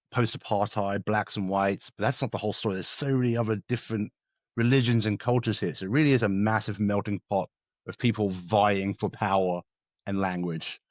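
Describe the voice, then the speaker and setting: A man's voice: lowish voice, steady tone, no room sound, lo-fi sound. A man from England with a British accent tinged by South African speech, a former soldier talking casually and laughing easily in a podcast interview. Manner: chatty and quick, laughs easily. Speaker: guest, former soldier and wildlife conservationist. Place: home in rural South Africa, remote call.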